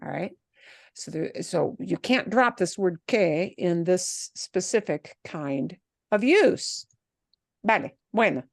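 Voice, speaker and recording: A woman teaching a class, patiently explaining and rephrasing, slipping in short Spanish phrases with a chatty, lively manner. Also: fairly low pitch, slow, creaky, dry recording, studio quality.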